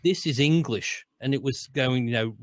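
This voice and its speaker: A man's voice: medium pitch, normal speed, no echo. A man with an Australian accent, co-hosting a casual chat and rambling through stories with frequent restarts. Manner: rambling, restarts often, chuckles while explaining. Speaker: co-host, voice-over artist.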